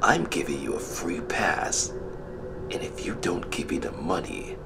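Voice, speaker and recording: A man putting on a low, hushed thug of a high school bully. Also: big pitch swings, a little slow, in a whisper, loud music behind the voice, exaggerated voice. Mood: threatening. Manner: low, hushed threatening growl. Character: menacing male high school bully, big and crude.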